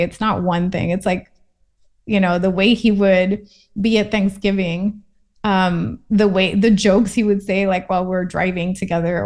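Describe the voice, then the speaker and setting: A woman's voice: medium pitch, a little mellow. A woman from Puerto Rico, a guest in a casual interview, talking in a reflective, thoughtful way.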